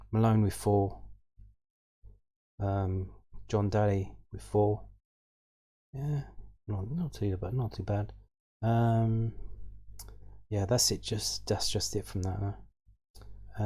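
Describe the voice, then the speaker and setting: Flat-voiced hesitant man reading stats. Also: lowish voice. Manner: hesitant, many ums and restarts, thinking aloud. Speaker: football fan channel host. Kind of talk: casual stats rundown.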